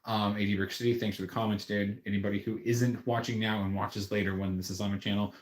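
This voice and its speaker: A man with a fairly low voice chats casually on his own livestream, rambling in a friendly way. His voice bounces around an echoey room. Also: level tone, fast talker, few pauses. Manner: rambling, friendly, with fillers and restarts. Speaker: YouTube livestream host.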